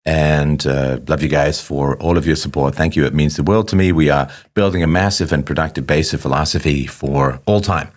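A man's voice: a bass voice, steady tone, fairly quick, few pauses. A middle-aged man hosting a show, talking casually to listeners in a rambling, wry way with self-mocking asides. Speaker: show host.

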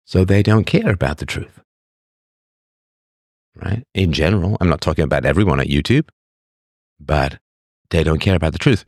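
At a moderate pace broken by long pauses, a man hosting a live stream talks over chat messages, voicing opinions and echoing his points as rhetorical questions. He's animated, with lively pitch swings. The sound is dry and studio quality.

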